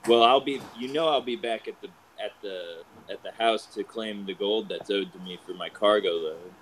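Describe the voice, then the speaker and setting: A man in a tabletop game who lays out a plan in a relaxed, hesitant voice. His voice runs low, with clear background noise and clicks around it. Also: moderate pace, rough recording. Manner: laid-back, plotting, hesitant. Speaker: player. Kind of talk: casual tabletop role-play.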